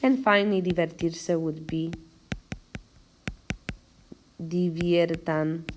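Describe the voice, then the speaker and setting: A woman's voice: lowish voice, fairly even intonation, a little hiss or hum. A woman teacher giving a recorded video lecture, explaining step by step and counting out syllables with care. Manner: slow, careful explanation, spelling out syllables. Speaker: language teacher.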